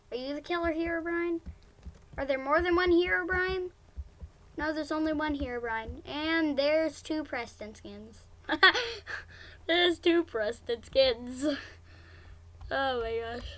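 A woman giving casual gameplay commentary, excitable and giggly, with frequent exclamations. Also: high-pitched. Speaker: gamer.

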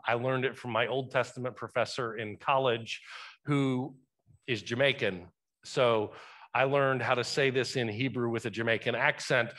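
A man's voice: medium pitch, steady tone, moderate pace, fairly bright tone. A male pastor preaching a sermon in a church, talking conversationally and asking the congregation questions. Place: church sanctuary.

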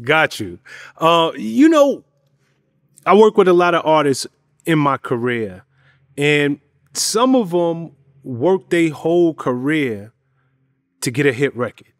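A man hosting a casual interview, giving shout-outs and asking loose, restarting questions. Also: a little high, sing-song, slow, pauses often, no echo, clean studio sound. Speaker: interview host.

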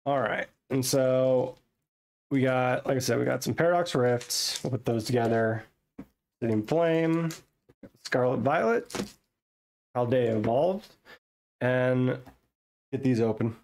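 Man, gravelly voice, mid pitch, chatty unboxing vlog, excitable, home desk, camera mic. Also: measured pace, long pauses, a little hiss or hum. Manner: chatty, excitable, thinks aloud. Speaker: card-opening vlogger. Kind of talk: casual unboxing chat.

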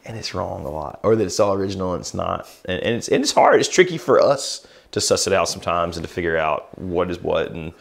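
Deep, gravelly man with dry quips. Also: animated, fast, few pauses. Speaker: guitar shop co-host. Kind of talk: casual chat.

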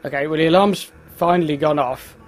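A man's voice: fairly high pitch, fairly quick, soft background music. Chatty man commenting on gameplay. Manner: chatty, exclaims at the game, laughs at himself. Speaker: let's play host.

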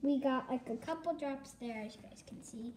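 A young girl with a high-pitched voice hosts a casual slime-making vlog at home, speaking at a normal speed. She's chatty and bossy as she directs her brother, and the home recording is noisy.

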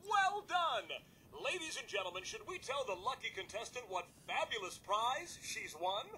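An actor voicing a cheesy male game-show-host robot in a video game, delivering booming showman sales patter. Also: big pitch swings, moderate pace, bright, forceful tone, slight background noise, full character voice. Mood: showy. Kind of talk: video game character dialogue.

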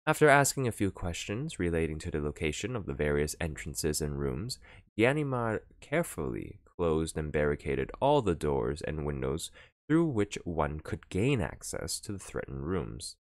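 A man with a low voice narrating a classic novel for an audiobook, reading expressively with wide swings of pitch. The sound is close and dry, with no room around it. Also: sing-song, moderate pace, dry recording.

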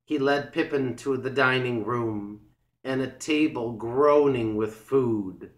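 A man narrating a children's story in a slow, clear, deliberate way for English learners. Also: medium pitch. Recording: roomy echo.

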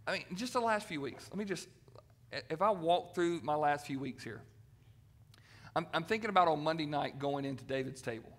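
Pastor, man, bright tense voice, lively sermon delivery. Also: a little high. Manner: animated, acts out quoted voices. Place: church sanctuary.

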